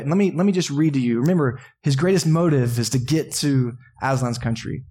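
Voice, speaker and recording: A male pastor giving a sermon, earnest and impassioned, building to strong emphasis and easing to quiet prayer. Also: medium pitch, fairly quick, breathy edge. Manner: drops to soft, quiet prayer.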